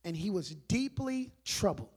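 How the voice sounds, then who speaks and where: High-voiced man preaching conversationally. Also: big pitch swings, a little slow, husky. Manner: conversational preaching, rhetorical questions, drops to quiet emphasis. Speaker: pastor. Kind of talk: sermon.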